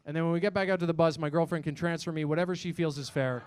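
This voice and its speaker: A man's voice: a little high, steady tone, rapid-fire, darkish tone, clean tone. A young man performing a self-mocking stand-up set in a comedy club, swearing and acting out voices.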